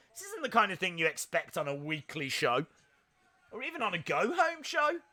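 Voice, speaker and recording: A man hosting a live wrestling watch-along stream, commenting in a jokey, excitable way and breaking into shouts at big moments. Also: sits high.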